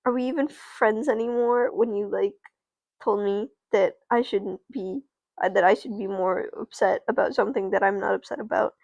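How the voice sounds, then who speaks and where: A woman's voice: medium pitch, steady tone, moderate pace, creaky, a little mellow, dry recording, highs cut off. A woman voicing a defiant, grieving schoolgirl who speaks curtly and dramatically. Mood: dramatic.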